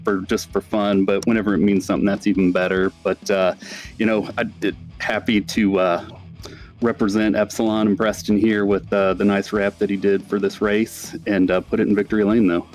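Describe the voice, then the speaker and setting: A male race winner answers post-race questions in a lowish voice. He talks in a halting way, with many filler words as he gathers his thoughts. Faint music sits under the interview. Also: flat delivery, a little mellow. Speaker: winning race driver.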